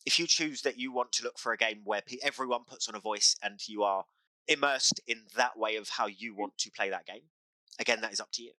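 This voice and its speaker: A man's voice: on the low side, fairly quick, pushed and bright, no echo, low-quality recording. A man hosting a podcast as a game master, talking in impassioned, emphatic casual chat that repeats phrases for effect.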